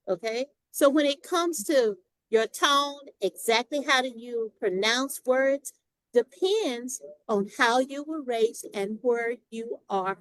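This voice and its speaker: A woman's voice: on the high side, no echo, low-quality recording. A woman with a Southern Texas accent, a longtime Toastmasters member speaking emphatically in a casual group discussion.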